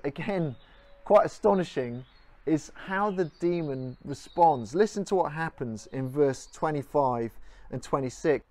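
A preacher talks through a sermon in an easy, storytelling way, mid-pitched and full of casual asides. The sound is dry and close, with no room echo. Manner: conversational, animated storytelling with asides.

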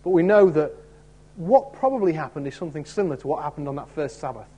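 Husky-voiced man preaching conversationally. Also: fairly high pitch, expressive, fast, mellow, highs cut off. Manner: conversational, asks listeners rhetorical tag questions; acts out quoted voices in the story. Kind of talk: expository sermon.

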